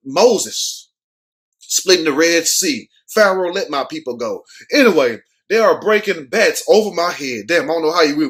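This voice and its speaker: A man's voice: fairly high pitch, a bit bright. A man hosting a show, giving casual, joking news commentary full of cursing and street slang. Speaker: show host.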